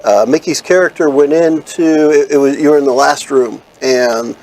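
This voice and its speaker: Podcast co-host, a man with a gravelly voice, easygoing and joking. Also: a little high, a little mellow, rough recording. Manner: chatty, quick with jokes. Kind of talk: casual chat.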